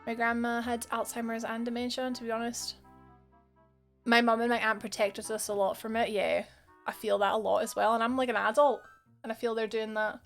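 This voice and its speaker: A woman's voice: fairly high pitch, level tone, brisk, faint music behind. A young Scottish woman streaming a game live, chatting and laughing with her viewers. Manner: chatty, giggly, reads chat aloud. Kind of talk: live gameplay stream chat.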